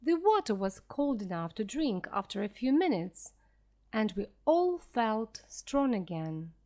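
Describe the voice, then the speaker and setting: A woman reads a simple adventure story for beginner learners. She speaks slowly and clearly, her pitch a bit high and her intonation lively. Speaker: narrator.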